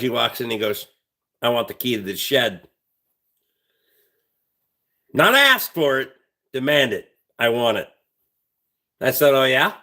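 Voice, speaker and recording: A man with a bright, edgy tone and a slightly high voice, hosting a livestream. He rambles through stories in a blunt, heavily profane, casual way. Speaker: livestream host.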